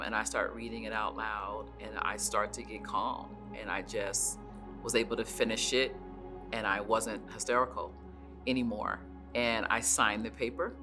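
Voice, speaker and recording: Woman, faith testimony, chatty storytelling, crisp bright tone, faint music behind. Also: a bass voice. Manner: conversational storytelling with "like" and "you know". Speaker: church member sharing her testimony.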